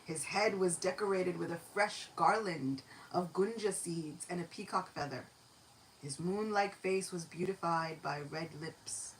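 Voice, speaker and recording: A woman giving a devotional lecture, telling a sacred story in an expressive, animated way. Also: lowish voice, a little slow, a little hiss or hum, low-quality recording.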